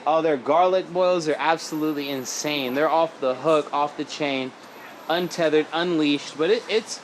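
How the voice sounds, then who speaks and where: A man's voice: on the high side, normal speed, slight background noise. A man from Oregon, a rapper, chatting casually and animatedly with slang and frequent laughs in a lounge bar. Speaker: rapper guest. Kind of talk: casual chat.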